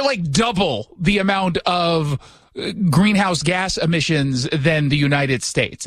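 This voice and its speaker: A sarcastic man runs his radio talk show with a high, bright-sounding voice and quick jokes. The studio sound is dry and close, with no room echo. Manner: sarcastic, joking asides. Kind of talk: casual opinion talk.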